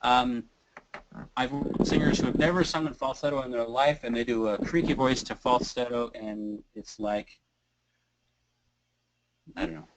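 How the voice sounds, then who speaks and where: A Kansas City-area voice teacher speaks at a moderate pace with fairly even intonation and frequent pauses, his pitch medium. Slight background noise and a low-quality recording accompany his casual webinar, where he moans, sighs, creaks and sings short bits to demonstrate exercises.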